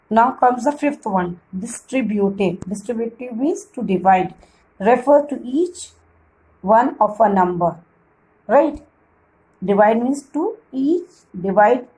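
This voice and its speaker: A woman's voice: a little high, darkish tone, low-quality recording. A woman teacher explaining grammar to children in a patient classroom lesson, often checking in with "right?".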